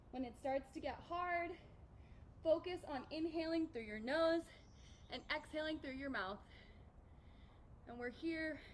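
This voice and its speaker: High-voiced, breathless woman fitness coach. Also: fairly bright tone, a little hiss or hum. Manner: upbeat, encouraging, counts reps aloud. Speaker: fitness instructor. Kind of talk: live workout coaching.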